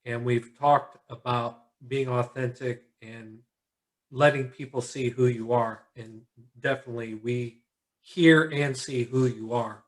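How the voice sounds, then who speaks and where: A tired man hosting a casual video call chat, relaxed and encouraging, rambling a little. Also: medium pitch, a little slow. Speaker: host.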